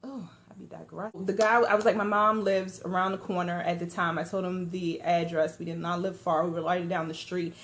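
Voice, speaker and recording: A young adult woman vlogger telling a story to her viewers in slangy, animated, conversational talk, with lively asides. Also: lowish voice, a little fast, hardly any pauses. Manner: animated storytelling with lively asides and sudden hushed or loud turns. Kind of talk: casual storytime vlog.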